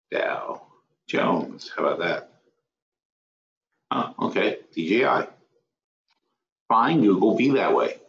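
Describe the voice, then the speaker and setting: A lower-pitched man hosts an online trading webinar and rambles through it, muttering at his screen and correcting himself mid-sentence. The sound is roomy and a bit dull, like lo-fi webinar audio. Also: vocal fry, fairly bright tone. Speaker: webinar host. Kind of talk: live trading webinar, thinking aloud.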